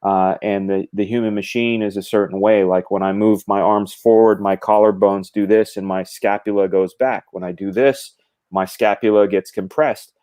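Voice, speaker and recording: Man, low voice, mellow tone, animated casual talk, middle-aged. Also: normal speed. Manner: animated, explains with gestures and quoted thoughts. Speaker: comic book artist guest. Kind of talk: casual conversation.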